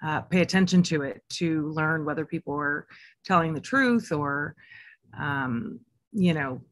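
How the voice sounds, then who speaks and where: A woman with a slightly low voice presents to an audience as an executive coach. She speaks in a conversational, teacherly way and uses plenty of fillers. The sound is dry and close to the mic. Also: a little slow, no echo. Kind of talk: webinar presentation.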